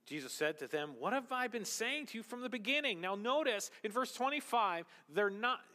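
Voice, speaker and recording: A man preaching a sermon as pastor, emphatic, rising to loud, high exclamations and dropping to quiet, low stretches. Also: animated, moderate pace, hardly any pauses. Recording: long reverb of a large hall.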